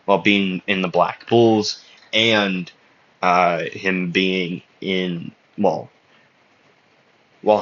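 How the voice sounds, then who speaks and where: In a low-pitched, fairly bright voice, a man casually tells an anime fan story, spoken fan fiction that rambles and hesitates with many fillers and self-corrections. The recording is slightly muffled.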